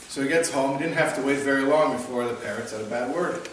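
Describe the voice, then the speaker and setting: There's background noise as a man with a mid-range voice speaks at normal speed. He may be a rabbi, opening an informal Torah class on Jewish practice with a joke and continuing in a conversational, teacherly way. The sound is echoey, with a far-off mic and faint ambience in the hall.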